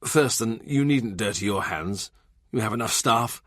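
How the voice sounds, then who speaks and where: Man voicing a grave, measured statesman. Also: lowish voice, dry recording, clean studio sound. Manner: grave and calm.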